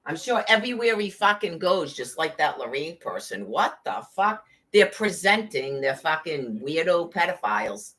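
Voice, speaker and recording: A woman's voice: low voice, big pitch swings, moderate pace, few pauses, fairly bright tone. Woman ranting with heavy swearing. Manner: heavy swearing, sarcastic rhetorical questions. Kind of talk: angry profane rant.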